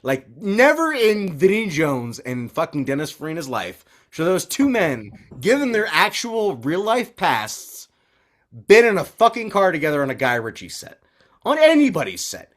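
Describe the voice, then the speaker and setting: Man, podcast co-host, lively swinging pitch, profane and rambling casual chat. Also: moderate pace. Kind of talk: casual movie review chat.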